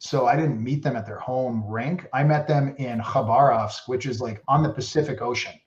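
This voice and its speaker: A man's voice: medium pitch, normal speed. A man who is a guest on a podcast, telling hockey stories in a loose, rambling way and saying "like" constantly. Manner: rambling, heavy use of "like". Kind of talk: casual storytelling. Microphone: podcast mic. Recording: roomy, dull lo-fi podcast audio.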